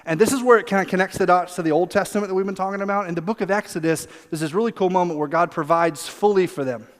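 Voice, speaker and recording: A man preaching a sermon as a pastor, animated, acting out quoted voices and repeating words as he goes. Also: high-pitched, fast talker, long reverb tail. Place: church sanctuary.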